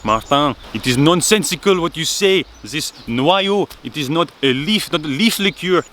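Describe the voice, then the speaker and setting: A man doing a huffy Frenchman, high-pitched. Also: lively intonation, moderate pace, fairly bright tone, slight background noise. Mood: indignant. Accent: put-on French. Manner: exasperated, emphatic outbursts. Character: excitable, indignant French man.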